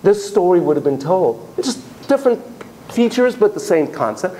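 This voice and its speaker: A man's voice: sits high, very animated, moderate pace, slight background noise, rough recording. A man lecturing a class on psychotherapy, telling a story theatrically with gasps, laughs and sudden drops to a whisper.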